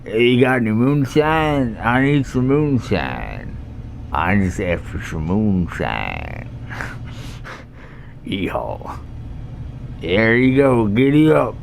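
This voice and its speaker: A man's voice: on the low side, big pitch swings, extremely slow, vocal fry, pauses often, a little hiss or hum, exaggerated voice. A man voicing a drunk American redneck trucker who keeps asking for moonshine, in a put-on Southern American drawl. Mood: drunken drawl.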